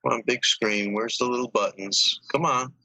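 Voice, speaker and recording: A man's voice: mid-range voice, fairly even intonation, moderate pace, creaky, sharp tone, no room sound, rough recording. A man co-hosting a live stream, chatting casually and muttering to himself at times. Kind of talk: casual chat.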